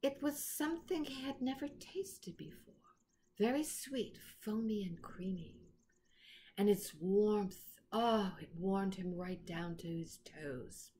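Slow, careful woman storyteller. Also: mid-range voice, warm tone. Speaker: reader. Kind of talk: storybook read-aloud.

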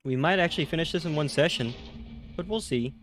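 A man live-streaming a horror game, chatting with his viewers, tired after a night with little sleep, and jumping to loud excitement at the scares. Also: fairly high pitch, a little fast, faint music behind.

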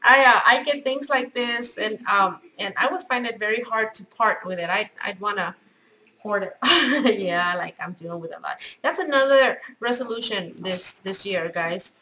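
A woman's voice: mid-range voice, normal speed, sharp tone, poor audio. A middle-aged woman chatting at home as a craft vlogger, gushing and effusive as she shows off gifts. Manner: gushing, effusive, repeats praise words. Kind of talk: casual unboxing chat.

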